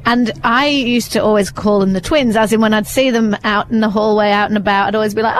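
A young adult woman, hosting a podcast in casual, animated chat and laughing easily. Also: medium pitch, fairly quick, hardly any pauses, slight background noise. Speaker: podcast host.

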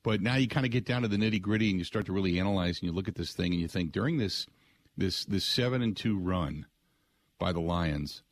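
A middle-aged man hosting sports talk radio, excitable and rambling, often putting on other people's voices. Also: deep voice, no echo. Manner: excitable, mimics voices, frequent restarts.

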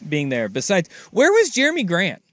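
A man hosting a casual sports podcast with a lively, up-and-down delivery and a voice a bit higher than most men's. He is chatty and quick to laugh. The sound is dry and close. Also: dry recording.

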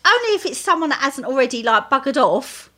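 A woman co-hosting a casual chat, teasing her friend with quick quips and laughter. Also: high voice, big pitch swings, pushed and bright. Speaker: podcast co-host.

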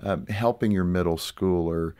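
A man's voice: low voice, normal speed, dark tone, smooth. A man hosting a conversation, asking his guests questions and laughing along. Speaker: radio host. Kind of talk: interview conversation.

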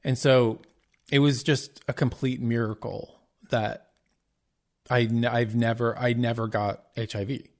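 Podcast host, middle-aged man, candid storytelling, frequent restarts, average pitch. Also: flat delivery, a little slow. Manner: candid, earnest retelling with many restarts and quoted dialogue. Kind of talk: personal storytelling.

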